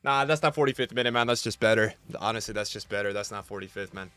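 A man's voice: lowish voice, quick pace, sharp tone, smooth, faint music behind. A young man streaming live gameplay and talking to his chat, frustrated and trash-talking as he plays.

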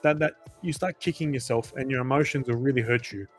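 A man's voice: mid-range voice, fast talker, faint music behind. A man hosting a crypto channel, giving casual, emphatic advice to his viewers and repeating phrases for emphasis.

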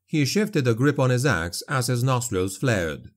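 A man narrating a dark fantasy audiobook in a steady, dramatic storytelling manner. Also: medium pitch, unhurried.

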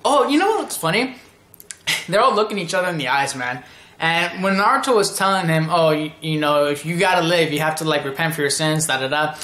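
A man with a bright, cutting voice that sits a little high. He rambles casually through an anime review and keeps jumping into characters' lines. The room around him is echoey.

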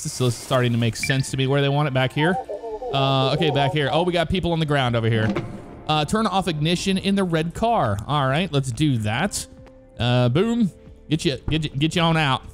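A man hosting a casual let's-play, commenting in a jokey way, exclaiming and reading game prompts aloud. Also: medium pitch. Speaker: gaming video host.

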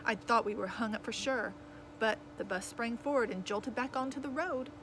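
A woman reading a children's novel aloud in lively, expressive first-person storytelling. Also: on the high side, moderate pace, background noise. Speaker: audiobook reader.

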